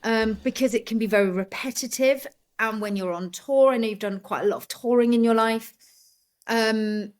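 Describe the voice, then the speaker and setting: A woman hosting a casual interview, chatty and quick to laugh, with loose, rambling questions. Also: a little high. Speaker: interview host.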